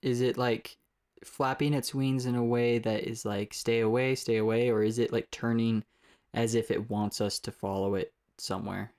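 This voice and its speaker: A man's voice: mid-range voice, level tone, normal speed, a little mellow. A man at a tabletop game, talking casually in a mid-range voice. He asks the table questions and now and then loses his words before finding them again. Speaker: player.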